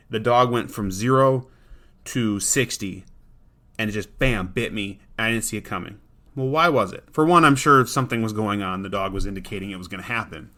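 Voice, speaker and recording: A man hosting a dog training podcast talks in a casual, earnest way. His voice is bright and forward, and his pitch sits in an ordinary male middle. He often restarts his sentences as he explains. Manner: earnest, conversational, frequent restarts and fillers.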